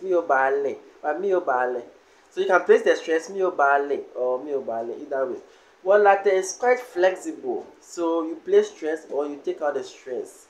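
A man teaching a language lesson, saying each word slowly and repeating it several times. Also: sits high.

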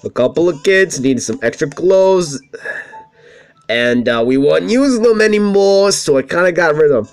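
A man putting on a gruff, crude Italian-American plumber voice, cocky and brash, with lively swings in pitch. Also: moderate pace, soft background music. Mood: sheepish.

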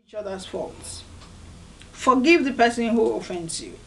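A woman from Nigeria speaks with a high voice. She hosts a devotional video series in an earnest, emphatic way. She leans on repeated phrases for stress. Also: expressive, measured pace, vocal fry, a bit bright, slight background noise, rough recording. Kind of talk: motivational devotional talk.

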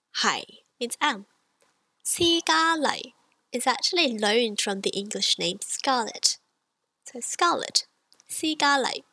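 Female language teacher, slow and patient, dry close recording. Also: a little high, bright, forceful tone, breathy edge, no echo, rough recording. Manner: patient, demonstrative, drawing out example sounds. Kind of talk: slow, clear language lesson.

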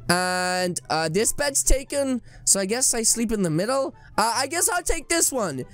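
A young man giving excitable, playful game commentary straight to his viewers. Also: very high voice, normal speed. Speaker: gaming YouTuber.

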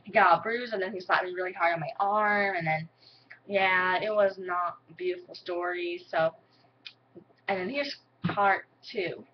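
A young woman vlogger chats casually to the camera at home, rambling and giggling and saying "like" constantly. Her voice is on the low side with a steady tone and normal speed. The recording is lo-fi with a little hiss or hum.

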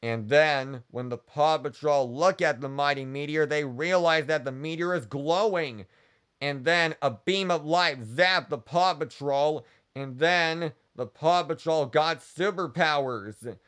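Slow, halting man retelling a cartoon. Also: a little high, fairly bright tone, smooth. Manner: halting storytelling strung together with "and then". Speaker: channel host. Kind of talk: retelling a cartoon story for kids.

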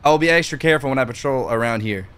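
A man reading out the lines of an earnest male police officer in a calm, level way. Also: mid-range voice, racing, smooth, voice pushed down, lightly acted. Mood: reassuring.

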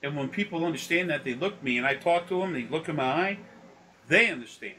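A man's voice: on the high side, animated, quick pace, pushed and bright, a little hiss or hum, poor audio. A man talking as a spiritual consultant in rambling, profane casual chat that often turns preachy.

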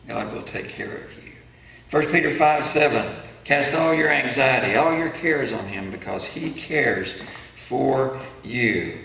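A man's voice: medium pitch, gravelly, a bit bright. A man preaching an earnest sermon as pastor, voicing the questions of the faithful. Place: church sanctuary. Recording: echoey church room from far off.

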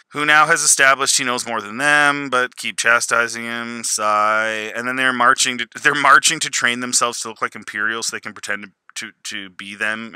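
A man's voice: medium pitch, sharp tone, clear, resonant tone, dry recording, rough recording. A man in his thirties giving a casual review, exasperated and sarcastic, with many restarts.

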